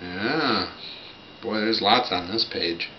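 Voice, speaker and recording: An older man, a grandfather, reading a picture book aloud to a small child in gentle, coaxing baby talk with simple questions. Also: fairly low pitch, slow. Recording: roomy, dull lo-fi home recording with loud noise.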